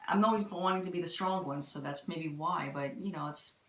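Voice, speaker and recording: A woman hosting a live stream, talking gently and rambling about spirituality, with many restarts. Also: lowish voice, fairly quick. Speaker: intuitive reader and live-stream host. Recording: roomy echo.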